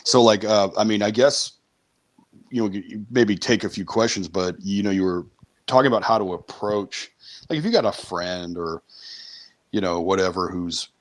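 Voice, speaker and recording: Low-voiced man, dry close sound. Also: normal speed, no echo. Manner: hesitant, many uh fillers, wry. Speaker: interview guest. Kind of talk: casual conversational interview.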